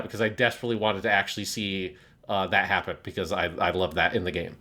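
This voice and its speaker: A man's voice: sits low, little pitch movement, quick pace, bright, forceful tone. A man co-hosting an anime review podcast in casual chat, rambling with enthusiasm and swearing now and then. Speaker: podcast co-host.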